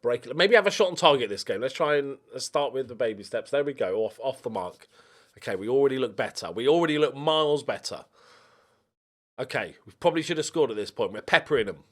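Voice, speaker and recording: Speaking at medium pitch and a fairly quick clip, a young man plays a football management game for his YouTube channel. His let's-play commentary is casual and animated; he talks to the players on screen and yelps in frustration.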